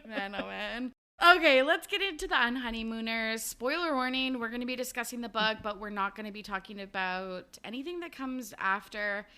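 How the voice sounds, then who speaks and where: A woman's voice: on the high side, normal speed, bright, forceful tone, smooth. A woman hosting a book podcast, chatty and casual, recapping a novel with a laugh and the odd swear. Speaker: podcast host.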